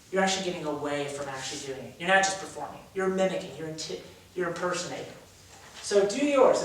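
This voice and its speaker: A high, fairly bright male voice with a bit of hiss or hum belongs to a drama teacher guiding a class of young actors. He lively explains exercises and acts out emotions; a distant camera mic in a big echoey room records him.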